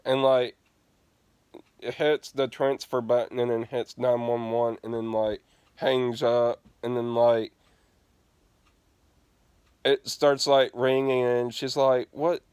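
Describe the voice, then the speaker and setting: A man's voice: mid-range voice, little pitch movement, slow, long pauses, darkish tone, clear, resonant tone, dry recording. A man telling a prank story as a gaming streamer, swearing and laughing often. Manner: profane, laughing, restarts often. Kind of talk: casual storytelling rant.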